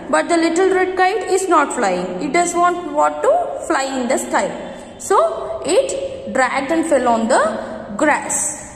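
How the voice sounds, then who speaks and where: Woman teacher, quizzing small kids, high voice, echoey room with long reverb. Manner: questioning children, repeating. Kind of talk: storybook lesson for young children.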